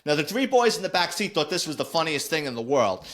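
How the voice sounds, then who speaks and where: A man's voice: on the high side, fast. An older former cop tells his stories bluntly and with energy. He slips into the other people's voices as he recounts what they said. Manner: animated, blunt, acts out quoted voices. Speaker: former police officer, podcast host. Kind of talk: casual anecdote storytelling.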